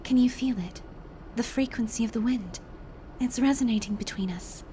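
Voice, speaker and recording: A woman's voice: fairly high pitch, moderate pace, warm tone, a little hiss or hum, pitched above the performer's own voice, natural voice. A woman reading a quote in a put-on airy, half-whispered voice as a dreamy mystic.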